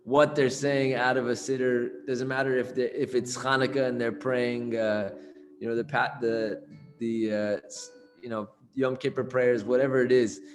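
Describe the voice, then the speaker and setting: A man telling a story in a loose, chatty way with lots of fillers. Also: mid-range voice. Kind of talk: casual storytelling.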